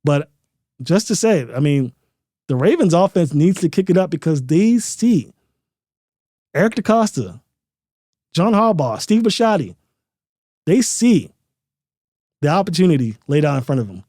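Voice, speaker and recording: Man, podcast host, sports talk, emphatic, repeats for stress, higher voice, dry close sound. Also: very animated, unhurried, long pauses, mellow, dry recording. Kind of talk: casual sports commentary.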